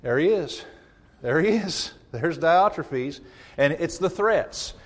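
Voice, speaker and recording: A man preaching with a somewhat high voice, talking straight to the congregation. He is emphatic and conversational, chuckling now and then and slipping into the voices of the people he quotes. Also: lively intonation, takes it slowly. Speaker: pastor. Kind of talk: sermon.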